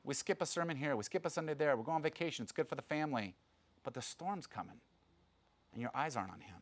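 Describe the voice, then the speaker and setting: A man giving a sermon as a pastor, talking casually and acting out quotes in a louder voice. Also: a little high, fast talker. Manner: conversational, animated preaching with sudden loud acted quotes.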